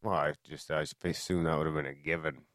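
A man's voice: very deep voice, fairly even intonation, brisk, fairly bright tone, dry recording. A man co-hosting a podcast in casual chat, joking around and swearing freely. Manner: joking, profane banter. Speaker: podcast co-host.

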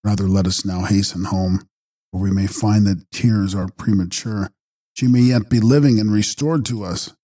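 A man's voice: lowish voice, fairly even intonation, normal speed, warm tone, natural voice. A man reading an earnest, steadying young brother. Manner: earnest, soothing.

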